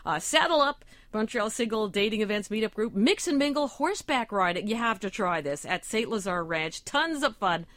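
Woman co-host, cheerful, mid pitch, dry studio sound. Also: animated, moderate pace, hardly any pauses, fairly bright tone, no echo. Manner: cheerful, reads event listings. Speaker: radio co-host. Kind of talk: casual radio chat.

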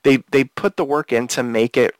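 A man's voice: mid-range voice, steady tone, moderate pace, no echo. A man hosting a casual podcast discussion, rambling with frequent restarts and fillers. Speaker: podcast host.

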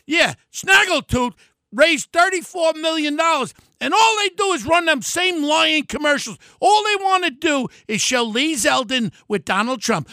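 An older man delivering a fiery political rant, yelling and name-calling. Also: extremely high pitch, expressive, a little slow, no room sound, clean studio sound. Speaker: political commentator.

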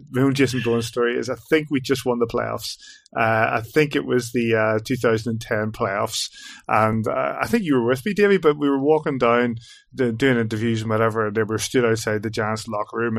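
A man hosting a casual sports podcast with a teasing manner. His voice has a middling pitch and sounds dry and close. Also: gravelly, no echo. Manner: teasing, leads the questions. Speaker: podcast host. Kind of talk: casual chat.

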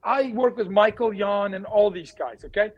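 A man speaking as an interview guest, forceful and emphatic, repeating his key words. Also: high voice, normal speed, highs cut off. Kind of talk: impassioned interview talk.

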